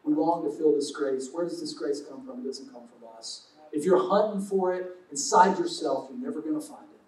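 A man's voice: a little high, a little fast, darkish tone, far from the mic. A man preaching a sermon as pastor, conversational and jokey, acting out little everyday exchanges. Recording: roomy sound from off mic.

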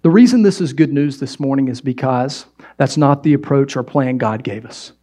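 A man's voice: mid-range voice, moderate pace, dark tone. A man preaching a sermon in a conversational, humorous way, telling stories and asking the audience questions. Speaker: pastor.

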